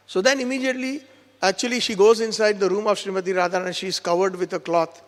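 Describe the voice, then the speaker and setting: A man's voice: sits high, steady tone, fast talker, in a large hall. A man giving a devotional lecture who retells a scripture story and quotes each character in turn. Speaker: spiritual teacher giving a seminar. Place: temple lecture hall.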